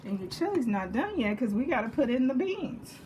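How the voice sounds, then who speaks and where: A woman's voice: a little high, big pitch swings, fairly quick, very noisy. A woman with a Texas accent talking through a home cooking demonstration, chatty and jokey, checking in with viewers as she goes. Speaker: home cook. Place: home kitchen.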